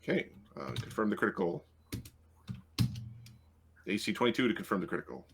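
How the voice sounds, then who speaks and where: A man's voice: lowish voice, expressive, brisk, background noise. A man running a tabletop game as game master, talking through rules and rolls with frequent ums. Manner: hesitant, full of ums, working through rules aloud.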